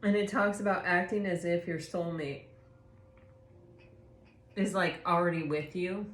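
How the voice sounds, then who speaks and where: Woman doing a chill tarot reading, lots of ums and likes, kinda low voice, roomy echo. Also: steady tone, a little slow. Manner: rambling, gentle, many fillers and restarts. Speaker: tarot reader. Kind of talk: casual spoken tarot reading.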